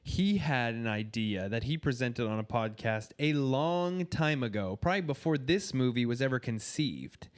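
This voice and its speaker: A man's voice: mid-range voice, expressive, normal speed, few pauses. A married man co-hosting a podcast in casual chat, laid-back and swearing freely. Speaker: podcast co-host.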